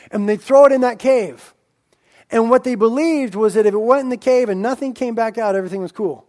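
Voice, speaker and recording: A man with a notably high voice preaches to his congregation. He stretches key lines out slowly and loudly, then drops into quieter, conversational asides. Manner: emphatic preaching, swinging between loud drawn-out lines and quiet asides. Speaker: pastor. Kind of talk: sermon.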